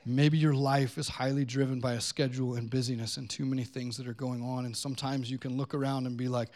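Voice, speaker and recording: A man's voice: medium pitch, flat delivery, quick pace, few pauses, darkish tone. A man pastor preaching a sermon in a church, earnest and conversational. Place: church sanctuary.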